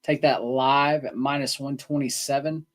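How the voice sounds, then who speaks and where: A man who co-hosts a sports betting podcast and talks through bets in a loose, rambling way. His voice sits at an average pitch for a man, and he often restarts his sentences. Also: steady tone, normal speed. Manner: casual, rambling, many ums and restarts. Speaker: co-host.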